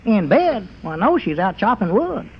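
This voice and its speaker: An actor playing a simple-hearted old storekeeper with a folksy drawl, in 1940s radio comedy style. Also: male voice, high-pitched, big pitch swings, normal speed, breathy edge, exaggerated voice. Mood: fretful. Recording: dull noisy old radio recording.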